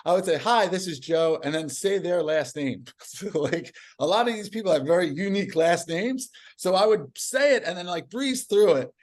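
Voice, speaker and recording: A man telling stories as a podcast guest in casual conversation, animated and laughing often. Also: sits high, normal speed.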